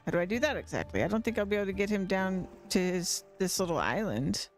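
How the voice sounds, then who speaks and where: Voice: mid-range voice, animated, quick pace, faint music behind. A streamer chatting casually while playing a fantasy game live, teasing the characters. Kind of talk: casual gameplay livestream.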